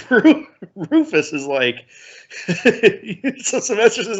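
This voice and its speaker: Podcast guy giggling through a recap, husky and kinda high, lo-fi sound. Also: big pitch swings, extremely slow, a bit bright. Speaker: podcast co-host. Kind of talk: casual comedic album review.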